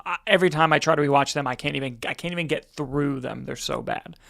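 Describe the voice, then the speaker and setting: Gravelly man in casual podcast chat. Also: a little high, fast, a bit bright, no echo, studio quality. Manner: candid, profane, joking. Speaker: podcast co-host.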